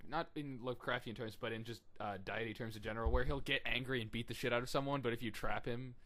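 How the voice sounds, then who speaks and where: A young man co-hosting a podcast, chatting casually, laughing often and shouting out quoted lines. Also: mid-range voice, fairly even intonation, fast, no echo. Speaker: podcast co-host. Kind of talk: casual chat.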